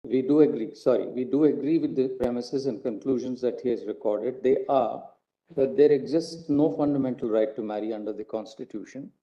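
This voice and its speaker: A judge with an Indian English accent reads a separate opinion in a formal, careful manner. His voice sits mid-range and sounds very dark. The recording is dull and lo-fi. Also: mid-range voice, brisk. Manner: formal, careful reading with small self-corrections. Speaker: judge reading a judgment. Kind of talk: reading a court judgment aloud. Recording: dull lo-fi courtroom broadcast.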